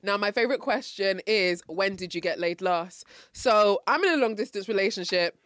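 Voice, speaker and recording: A woman's voice: mid-range voice, normal speed, a bit bright, no echo. Frank woman host, giggly and teasing, dry close mic. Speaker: podcast host. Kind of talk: casual chat.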